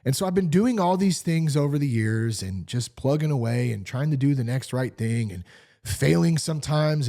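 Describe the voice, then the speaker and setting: A man in his forties hosting a podcast solo, talking in an animated, candid way and swearing freely. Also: mid-range voice. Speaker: podcast host. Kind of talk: casual solo podcast talk.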